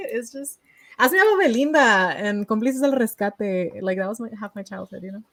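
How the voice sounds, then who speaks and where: A woman's voice: a little high, animated, fast talker. Blunt, joking woman in casual chat. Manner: blunt, joking, swears freely. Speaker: co-host. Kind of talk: casual chat reacting to a list.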